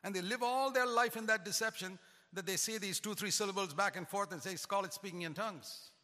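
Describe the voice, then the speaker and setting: An older man preaching a sermon, emphatic and rising in pitch to stress his points. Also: fairly quick, pushed and bright. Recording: long hall reverb.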